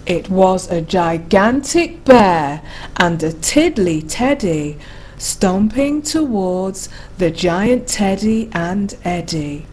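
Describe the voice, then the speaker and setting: A woman reading a rhyming bedtime picture book aloud in a slow, rhythmic way. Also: mid-range voice, animated, darkish tone, slight background noise. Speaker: narrator.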